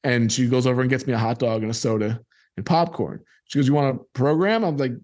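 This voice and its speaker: A man's voice: medium pitch, fast talker. Man telling a childhood story. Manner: animated storyteller acting out voices of people in his story. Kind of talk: personal storytelling.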